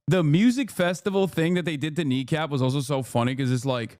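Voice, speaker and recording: A man's voice: a little high, a little fast, few pauses, a little mellow, no room sound, clean studio sound. A man streaming, giving blunt, heated political commentary in a casual way with plenty of swearing.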